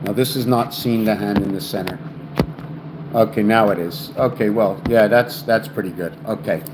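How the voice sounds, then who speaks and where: A man's voice: on the low side, normal speed, background noise. A man hosting his own video channel, talking in a rambling, stumbling way, often restarting words and thinking aloud. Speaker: channel host explaining word and number theories. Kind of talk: rambling solo video talk. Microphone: home camera setup.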